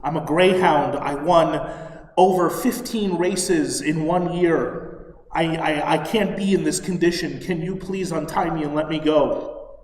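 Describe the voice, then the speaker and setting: A man voicing an old, decrepit talking greyhound that begs in a hushed voice, heard from far off in an echoey hall. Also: fairly high pitch, a little slow, natural voice. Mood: pleading. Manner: hushed, beckoning then pleading.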